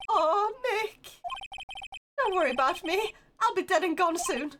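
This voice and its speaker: A woman's voice: very high-pitched, sing-song, unhurried, background noise, pitched above the performer's own voice, heavily acted. A woman doing a whiny, melodramatic young man. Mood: despairing. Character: excitable young male slacker friend, dramatic.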